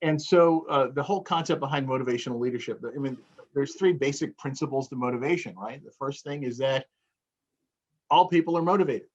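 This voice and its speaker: A man with a medium-pitched voice and a brisk delivery, a motivational speaker, chats casually in an interview. He acts out phrases to demonstrate tone while explaining a point, and the recording has its highs cut off.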